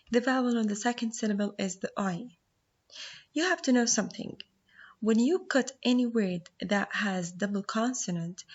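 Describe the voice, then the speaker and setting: A woman whose first language is Arabic, teaching a phonics lesson, explaining slowly and sounding out words syllable by syllable. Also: mid-range voice, muffled recording.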